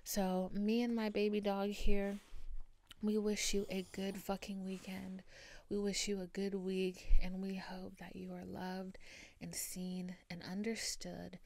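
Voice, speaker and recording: A woman's voice: medium pitch, level tone, unhurried, gravelly, a little mellow, no echo. Frank, swearing woman podcast host, dry sound. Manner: emphatic, frank, swears freely. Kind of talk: casual solo podcast monologue. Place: room at home with her dog.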